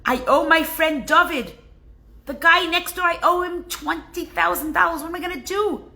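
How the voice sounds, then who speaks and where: A woman's voice: extremely high pitch, moderate pace, gravelly, sharp tone, pitched above the performer's own voice, full character voice. A woman voicing an anxious man who frets over a debt he cannot pay. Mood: fretful. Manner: whining, fretful.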